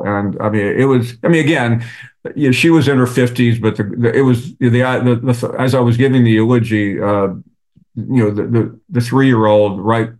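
A man, a radio host speaking as a podcast guest, talking in a reflective, halting way with many restarts. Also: on the low side, a little mellow. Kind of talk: conversational interview.

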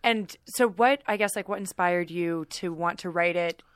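A woman co-hosting a podcast, asking calm interview questions. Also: fairly low pitch, moderate pace, clear, resonant tone, no room sound, clean studio sound. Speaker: podcast co-host. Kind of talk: casual podcast chat.

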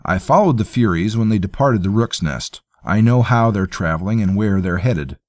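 A man's voice: on the low side, lively intonation, normal speed, a little mellow, dry recording, studio quality, lightly acted. A man voicing a bold, stubborn young male commoner tracker who talks bluntly and plainly. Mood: insistent.

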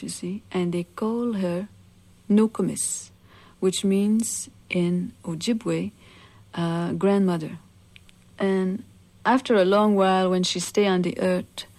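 A woman telling a traditional legend aloud in an unhurried, conversational way, often adding "you see" asides. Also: medium pitch, darkish tone. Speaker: storyteller.

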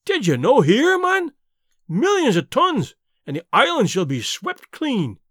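A man's voice: high voice, huge pitch swings, moderate pace, a bit bright, no room sound, studio quality, full character voice. A man voicing a frantic Scottish woodcutter who wails and pleads, with a Scottish accent. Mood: wailing.

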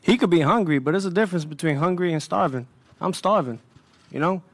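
Brash swaggering young boxing champion. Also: male voice, a little high, fairly quick, dry recording. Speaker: boxing champion at a press conference. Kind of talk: press conference trash talk.

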